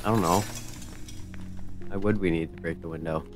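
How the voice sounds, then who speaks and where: A man's voice: sits low, steady tone, moderate pace, over music. A man chatting casually while playing a game with friends, cracking jokes and eating as he talks. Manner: joking, eats while talking. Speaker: gamer. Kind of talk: casual gaming chat.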